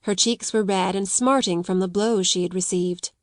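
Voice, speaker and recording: A woman reading a classic novel aloud as an audiobook narrator, in measured storytelling. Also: medium pitch, steady tone, dry recording, studio quality. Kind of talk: scripted narration.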